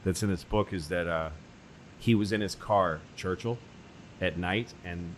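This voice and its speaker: A man hosting a comedy podcast, telling stories in a rambling, animated, profane way. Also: low voice, unhurried. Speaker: podcast host. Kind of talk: casual comedy podcast storytelling. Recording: noisy podcast recording.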